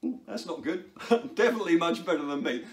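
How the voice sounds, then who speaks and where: A man presenting to children in a playful, excitable way, joking and laughing while he juggles. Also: fairly high pitch, fairly quick, heavy background noise. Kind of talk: energetic talk to children.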